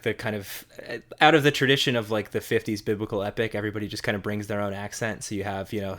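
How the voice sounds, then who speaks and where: A man co-hosting a film podcast, discussing movies in a casual, halting way with many fillers and repeated words. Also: lowish voice, fairly bright tone. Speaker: podcast co-host.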